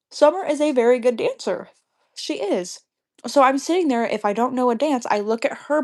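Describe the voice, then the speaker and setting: A woman's voice: medium pitch, darkish tone. Young woman livestreamer, casual storytime rant, heated and profane. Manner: heated, profane, talks fast when angry.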